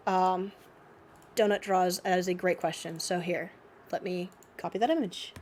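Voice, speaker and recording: A woman's voice: on the low side, normal speed, darkish tone. A young woman with a slight cold giving an unscripted drawing lesson, thinking aloud with many fillers. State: sniffly cold. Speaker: art teacher.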